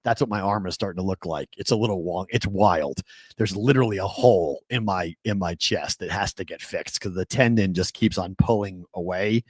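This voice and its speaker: A man hosting a sports talk show, telling stories in an animated, excitable way, full of fillers and restarts. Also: deep voice, brisk, breathy edge, no echo. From New England. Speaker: sports talk radio host. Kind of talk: casual sports talk storytelling.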